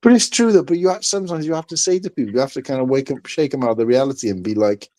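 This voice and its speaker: A man from the United Kingdom co-hosting a casual livestream chat, telling animated stories and swearing freely. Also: medium pitch, very fast, hardly any pauses.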